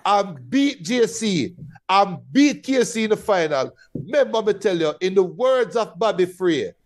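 A man's voice: high-pitched, very animated, a little slow. Playful Jamaican man making bold calls. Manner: boastful, playful predictions. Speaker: sports show panelist. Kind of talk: casual sports chat.

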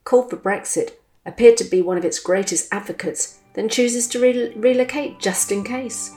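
A woman voicing an easygoing, wry man with a title, talking in a dry, relaxed way. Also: on the high side, moderate pace, soft background music, pitched above the performer's own voice, lightly acted. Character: Australian knighted man, wry, easygoing expat. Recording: roomy echo.

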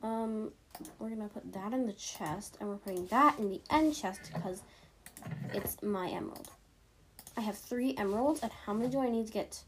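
Giggly and self-mocking, a teenage girl gives chatty commentary while she plays games on stream. She speaks at normal speed in a medium pitch, with a little hiss or hum audible.

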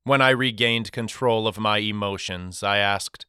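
Crisp-voiced male audiobook narrator. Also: on the low side, no echo, studio quality. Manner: measured, expressive storytelling. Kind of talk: first-person audiobook narration.

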